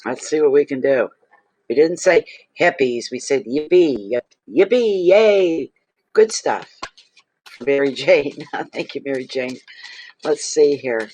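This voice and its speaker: A man's voice: mid-range voice, measured pace, a little mellow, slight background noise. A man giving a casual tarot reading to camera, gushing and exclaiming over the cards he draws. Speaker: tarot reader.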